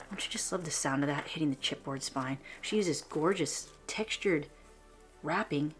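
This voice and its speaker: A woman hosting a crafting vlog, gushing over a scrapbook and often dropping into a breathy whisper. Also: deep voice. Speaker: scrapbooking channel host. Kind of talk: flip-through show-and-tell vlog.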